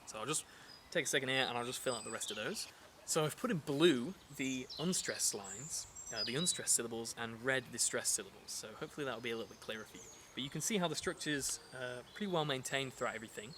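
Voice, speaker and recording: A man teaching a lesson in a relaxed, chatty way, with frequent fillers and restarts. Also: medium pitch, fast, few pauses, a little hiss or hum. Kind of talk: casual explanatory lesson.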